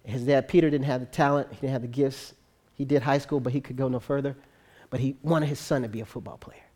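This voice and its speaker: Animated preacher telling a sermon story. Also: mid-range voice, fast. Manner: conversational, animated, frequent tag questions.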